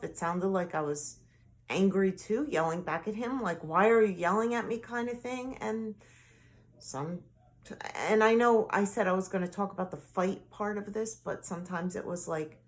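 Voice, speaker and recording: A woman vlogger talks slowly through a personal story, her lowish voice carrying a gravelly fry. She meanders and restarts, leaning on fillers as she goes, and mostly stays soft and low-key.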